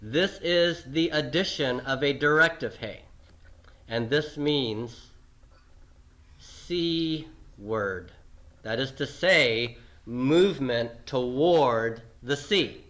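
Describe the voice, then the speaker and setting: Male teacher, unhurried delivery, bright clear tone, patient lecturing style with frequent check-ins. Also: medium pitch. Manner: patient and repetitive, checking in with "okay?"; lots of fillers and restarts, slowing on key terms. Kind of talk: recorded classroom lecture.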